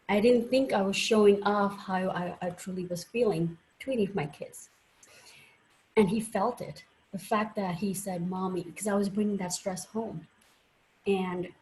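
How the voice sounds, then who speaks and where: Woman, doctor, conference talk, earnest storytelling, mid pitch. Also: darkish tone, rough recording. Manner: earnest, personal storytelling with fillers. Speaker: doctor and guest speaker. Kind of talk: conference presentation.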